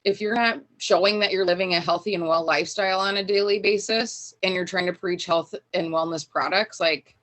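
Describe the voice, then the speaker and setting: Woman, video call cohost, earnest, emphatic, bright sharp tone. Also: on the low side, steady tone, a little fast, hardly any pauses, rough recording. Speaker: co-host. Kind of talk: casual group video call chat.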